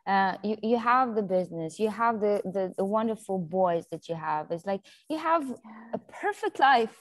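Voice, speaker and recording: Woman interviewer; halting, word-searching, mid pitch, dry close sound. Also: animated, dry recording. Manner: halting, searching for words, many restarts. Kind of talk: casual interview conversation.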